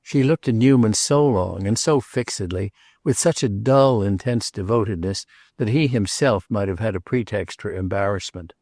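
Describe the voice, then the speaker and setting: A man narrating a classic novel as an audiobook, reading in a measured, unhurried way. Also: lowish voice, darkish tone, no echo, clean studio sound.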